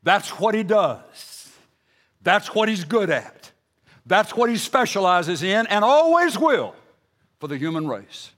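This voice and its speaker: A middle-aged man preaching a sermon, emphatic, rising to loud bursts and then dropping low and quiet when he reads scripture. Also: big pitch swings, takes it slowly.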